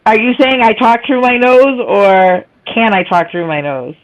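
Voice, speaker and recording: A woman's voice: a little high, steady tone, a little slow, muffled recording. Stream host: chatty woman, nasal tone, teases her guests and laughs easily. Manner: chatty, teasing, laughs often. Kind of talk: casual chat.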